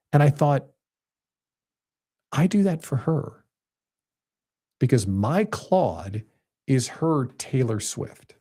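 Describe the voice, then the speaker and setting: A man in his fifties hosting a podcast, telling a personal story in a casual, animated way and jumping higher in pitch when he gets excited. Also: creaky. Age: 50s. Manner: animated storytelling, jumps high when quoting himself excitedly. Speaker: podcast host. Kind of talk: casual monologue.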